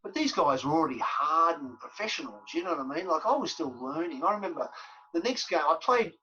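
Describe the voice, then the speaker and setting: Middle-aged aussie bloke rambling through stories, punchy bright voice, lots of you know's. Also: male voice, on the high side, animated, fairly quick, a little hiss or hum. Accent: Australian. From Australia. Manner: anecdotal, repeats words, frequent fillers. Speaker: former footballer guest. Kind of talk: podcast interview storytelling. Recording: dull lo-fi audio.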